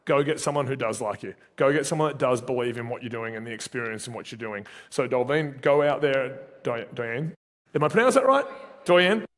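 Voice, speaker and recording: A man with an Australian accent, giving an energetic, conversational motivational talk to a live audience and telling stories with asides to the crowd. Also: medium pitch, fairly quick. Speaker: speaker at a live career event. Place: event venue, live audience. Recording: reverberant event hall.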